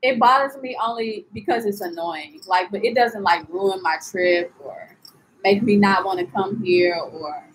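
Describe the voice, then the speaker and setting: A young woman chatting casually in a live-stream travel vlog, animated and full of "like" and "you know", answering viewers as she goes. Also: medium pitch, measured pace, slight background noise, low-quality recording. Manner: reads and answers viewer comments. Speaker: travel vlogger.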